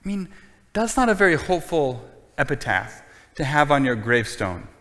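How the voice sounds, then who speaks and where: Pastor guy preaching, earnest and emphatic, voice a bit high, big hall echo. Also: sing-song, moderate pace, a bit bright. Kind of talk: sermon.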